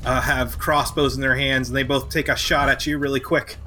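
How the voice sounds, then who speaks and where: Bright-voiced man running a tabletop game. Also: mid-range voice, flat delivery, slight background noise. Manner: halting, filler-heavy narration with shouted character lines. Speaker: game master.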